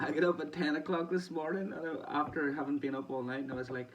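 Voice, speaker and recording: A man's voice: a little high, flat delivery, quick pace, lo-fi sound. A man with a Northern Irish accent, talking in a rambling, chatty way in a casual diary-style vlog and laughing often. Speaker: boxing vlogger. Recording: distant mic with faint background noise.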